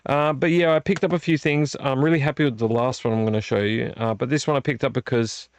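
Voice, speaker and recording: Tired gravelly man rambling. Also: medium pitch, fast, no room sound. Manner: relaxed, rambling, complains about covers. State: tired and yawning. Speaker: vlog host. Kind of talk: casual late-night chat. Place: home room.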